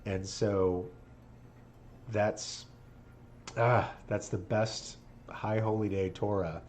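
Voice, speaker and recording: A man's voice: on the low side, little pitch movement, very slow, a little mellow, slight background noise. A man rabbi chatting casually on a live stream while playing a game, earnest and moved, laughing often.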